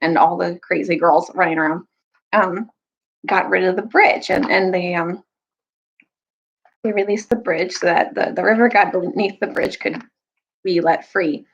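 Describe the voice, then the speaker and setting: Brief: young woman, storytime reader, lively kid-friendly delivery, slightly muffled lo-fi sound. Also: measured pace, long pauses, husky. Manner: animated, jumps high for quoted characters. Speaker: storyteller reading aloud to children. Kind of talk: casual storytime recap and read-aloud.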